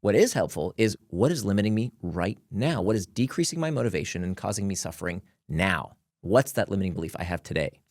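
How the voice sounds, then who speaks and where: A man, a guest author, explaining his ideas in casual conversation, animated and laughing between points. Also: low-pitched, brisk, hardly any pauses, dry recording.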